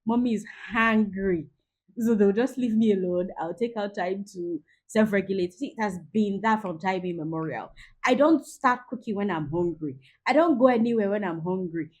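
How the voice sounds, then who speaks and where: Husky mom in her 40s, coaching parents, lively and acts stuff out. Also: medium pitch, moderate pace. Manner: lively, acts out scenes with quoted voices. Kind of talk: parenting talk.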